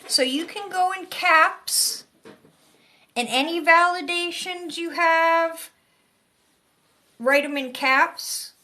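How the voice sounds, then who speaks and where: A woman's voice: very high voice, slow pace, pauses often, sharp tone. A woman from Michigan's Upper Peninsula with a Yooper accent, giving chatty, rambling psychic readings on a live stream. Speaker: psychic reader. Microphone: phone or webcam on a live stream.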